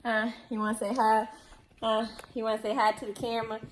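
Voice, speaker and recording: A woman's voice: on the high side, level tone, brisk, a little hiss or hum. A woman vlogging casually at home, playful and laughing often as she baby-talks to her dogs. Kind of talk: casual vlog chat.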